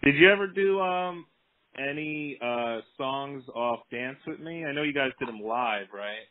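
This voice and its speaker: A man's voice: medium pitch, measured pace. Man asking interview questions. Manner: short prompts and backchannels. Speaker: zine interviewer. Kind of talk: casual interview. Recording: tinny phone-like audio.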